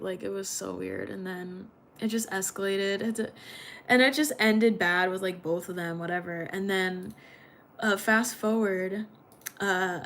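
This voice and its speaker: A woman's voice: medium pitch, fairly bright tone. A young woman livestreaming, telling a story in a rambling, chatty way with many fillers. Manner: rambling, chatty, heavy use of "like".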